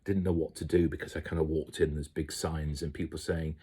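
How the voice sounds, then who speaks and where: A man's voice: extremely low pitch, level tone, brisk, dark tone, husky. A man rambling through his memories of kitchen work as a chef, chatty and casual, often slipping into quoted voices. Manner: chatty storyteller, mimics people in quotes.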